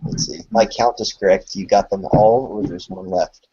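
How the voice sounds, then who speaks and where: A man running a tabletop horror game as game master, narrating in a halting way full of "uh" and "you know" over a video call. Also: fairly low pitch, steady tone, dark tone, slightly rough. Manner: hesitant, full of filler words. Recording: lo-fi online call audio.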